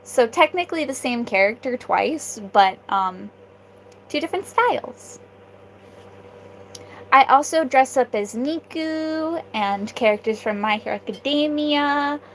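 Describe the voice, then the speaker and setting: A woman's voice: high-pitched, lively intonation, a little slow, a bit bright, a little hiss or hum, poor audio. A young woman streaming live, chatting with viewers in an offhand way and laughing often. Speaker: livestreamer. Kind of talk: casual livestream chat.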